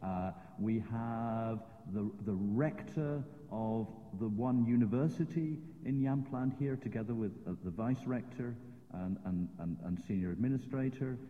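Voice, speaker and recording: A man's voice: medium pitch, unhurried. A man chairing a conference session, introducing speakers with many fillers and restarts. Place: conference room. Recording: echoey hall, muffled lo-fi sound.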